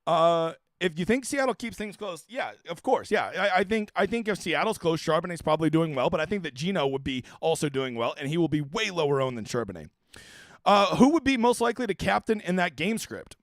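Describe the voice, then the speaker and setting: Animated man hosting a fantasy sports stream. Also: fairly high pitch, a little fast, no echo, studio quality. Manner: animated, swearing, reads chat questions aloud. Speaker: fantasy sports livestream host. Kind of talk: casual livestream chat answering viewer questions.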